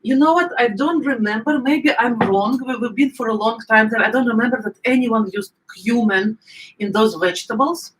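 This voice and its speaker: A middle-aged woman with an Eastern European accent and a fairly high voice chats loosely through a home recipe at normal speed in a casual cooking vlog. The recording is rough, and she often stops to hunt for words, filling the gaps with ums before carrying on.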